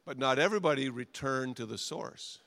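A middle-aged male pastor preaching a sermon, repeating short phrases and swinging from quiet to loud. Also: medium pitch, a little fast.

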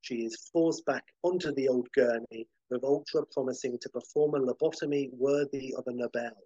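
A man hosting a podcast, narrating a film pitch vividly, with occasional fillers. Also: fairly even intonation, normal speed, mellow, no room sound, highs cut off. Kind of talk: animated story pitch.

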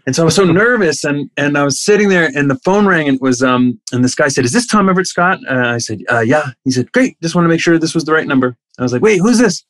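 A middle-aged man telling stories casually as a guest, animated, acting out the voices of the people he quotes with big jumps in pitch. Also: fast, few pauses, no room sound. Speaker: actor guest. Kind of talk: casual anecdotal storytelling.

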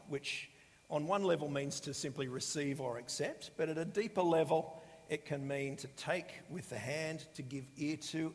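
A man preaching a sermon in a relaxed, conversational way, often pausing with fillers and restarting his sentences. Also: on the high side. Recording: long hall reverb.

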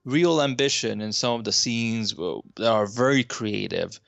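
A man's voice: fairly low pitch, normal speed, creaky, fairly bright tone, dry recording. A man in his thirties co-hosting a podcast, talking about old films in a rambling, opinionated way that keeps correcting itself. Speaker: podcast co-host. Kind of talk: casual film discussion.

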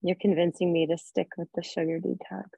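A woman speaking as a coaching client on a video call. She talks hesitantly, with halting restarts. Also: on the low side, flat delivery, gravelly, dark tone, slightly rough, no echo. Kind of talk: casual video call conversation. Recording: dull, dry video call audio.

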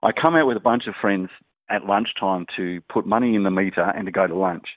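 A man, a grief researcher and guest, telling anecdotes in an animated, casual way. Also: deep voice, brisk, dry recording. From Australia. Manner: animated storyteller, laughing through anecdotes. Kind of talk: casual storytelling chat. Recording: dry, tinny phone-like line.

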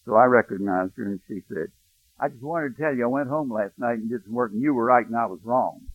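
A man's voice: medium pitch, brisk, no room sound. Man preaching on a thin phone-like line. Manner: storytelling, hushed in emotional moments, rising emphatic preaching. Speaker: pastor. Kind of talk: sermon with personal story. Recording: dry, thin phone-like sound.

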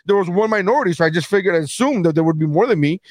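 A man's voice: sits high, lively intonation, very fast, dry recording. A man co-hosting a casual comedy podcast, telling stories and acting out the people in them, swearing often. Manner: storytelling, acts out quoted people, swears often. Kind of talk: casual chat.

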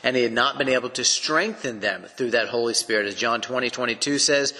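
A man's voice: medium pitch, a little fast, bright, forceful tone. A man with an East Texas accent giving an earnest, emphatic Bible teaching that explains things step by step. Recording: long echoing reverb.

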